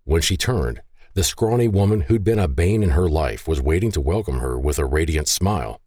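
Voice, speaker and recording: A man narrating a novel in a very deep voice. His delivery swings widely in pitch and stays expressive. The sound is close and dry, with no room. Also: moderate pace, slightly rough, dry recording. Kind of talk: scripted audiobook narration.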